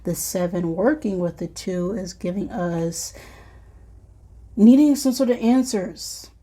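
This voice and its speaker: Slow, mellow-voiced woman tarot reader. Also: medium pitch. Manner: reflective, talks straight to the viewer, sighs and soft asides. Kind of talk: collective tarot and oracle card reading.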